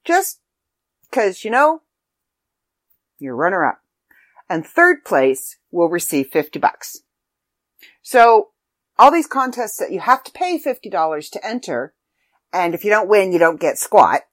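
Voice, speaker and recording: A woman's voice: medium pitch, very animated, unhurried, pauses often. A middle-aged woman from Canada, a magazine editor talking casually and promoting a writing contest with chatty, self-deprecating asides. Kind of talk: casual video announcement.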